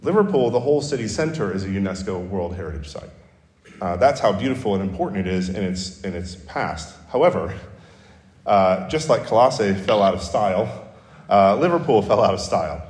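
A pastor preaching a sermon in a conversational, storytelling way, with self-deprecating humor. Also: male voice, fairly low pitch, animated, brisk, darkish tone. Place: church sanctuary. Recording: roomy hall reverb.

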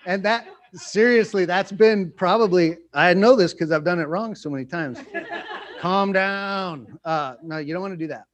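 A middle-aged man preaching in a relaxed, conversational way, joking and laughing at himself often. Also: high voice, normal speed. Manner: playful, self-mocking, jokes and laughs often. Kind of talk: conversational sermon.

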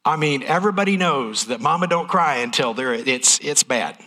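Man, middle-aged, church sermon, folksy and candid, bright tone, husky edge. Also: medium pitch, animated, moderate pace. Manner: folksy, transparent, emotional delivery. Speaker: preacher.

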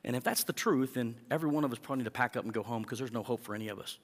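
A man's voice: mid-range voice, very fast. Man, pastor, earnest sermon, emphatic build-ups, church hall reverb. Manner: earnest preaching, rising to emphatic peaks.

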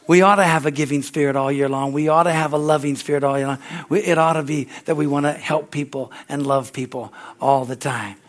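A man preaching a fervent sermon at a church service, punctuating his lines with hallelujahs and amens. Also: fairly high pitch. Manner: shouts excitedly when acting out a story. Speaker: pastor.

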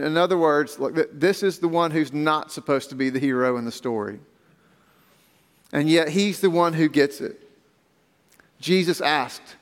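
A man delivers a sermon in a high voice, moving from reading scripture to explaining it with emphatic pauses. The sound carries the long reverb of a large church hall. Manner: reads scripture aloud then expounds, with emphatic pauses. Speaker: pastor.

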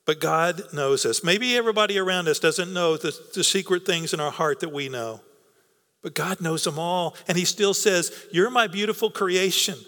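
A man's voice: sits high, normal speed, pushed and bright. A man preaching a sermon in an earnest, coaxing way, repeating words for emphasis. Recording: long reverb of a hall.

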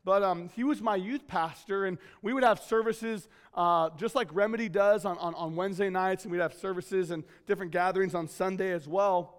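A man's voice: high voice, moderate pace, few pauses, clean tone. A man in his thirties from California, preaching a casual sermon full of self-mocking stories and fillers. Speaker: guest preacher at his home church.

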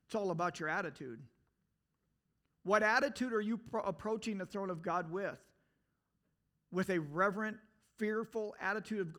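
A man preaching a sermon, talking earnestly and asking the listeners direct questions, now and then swelling to emphatic outbursts and dropping low again. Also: normal speed, a bit bright. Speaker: pastor.

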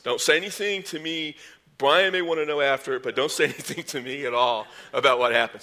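A man delivering a sermon from the pulpit, his voice bright and sharp-edged. He sits a little higher than most men and climbs higher still as he drives a point home, with homespun asides along the way. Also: brisk. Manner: animated preaching, rising in pitch and volume when stressing points; folksy asides and sports metaphors. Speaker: pastor.

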